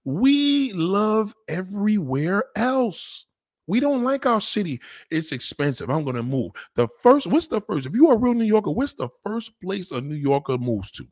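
A man's voice: high voice, normal speed, no room sound, studio quality. A man with a New York accent, talking in a casual, profane monologue and mimicking other people. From New York City. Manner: animated, swearing, mimicking others.

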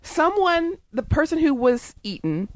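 A woman's voice: high-pitched, sing-song, measured pace. A woman co-hosting a casual podcast, reacting with disbelief and asking questions. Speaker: podcast co-host.

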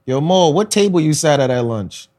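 Animated man telling a story. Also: moderate pace. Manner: animated storyteller, acts out quotes with raised pitch. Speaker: podcast co-host. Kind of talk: casual chat.

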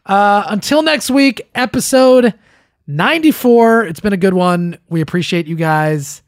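A man's voice: high voice, a little slow, dry recording, clean studio sound. A man hosting a podcast, chatting casually and telling jokey stories with his co-host. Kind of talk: casual chat.

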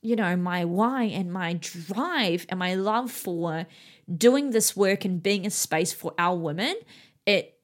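A woman's voice: mid-range voice, fairly bright tone. A woman in her thirties from New Zealand, a gym owner and coach, talking candidly and emotionally, swearing freely and rambling with many fillers. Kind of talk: candid personal monologue.

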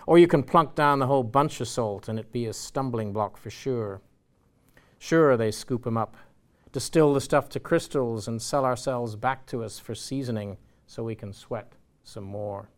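A man's voice: mid-range voice, moderate pace, close to an everyday voice. A man reading an insistent old grandfather, Irish-accented.

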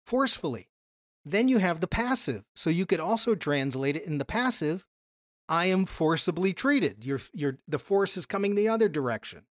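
A Bible study teacher giving a casual lesson from slides, asking questions and answering them, and slowing down to stress key words. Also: mid-range voice, big pitch swings, no room sound, clean studio sound. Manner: explains patiently, often asks questions and then answers them.

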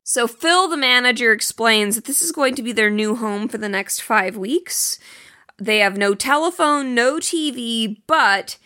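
A woman with a slightly high voice chatting on a podcast. She is curious and keeps asking questions, with a light, amused edge. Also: lively intonation, unhurried, bright, forceful tone. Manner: curious, asks questions, laughs. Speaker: podcast co-host. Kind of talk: casual chat reviewing a film.

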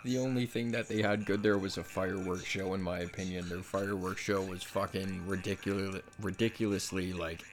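Deep-voiced man ranting with heavy swearing. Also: fairly even intonation, fairly quick, few pauses. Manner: profane, heated and exasperated. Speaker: vlogger. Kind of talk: casual commentary rant.

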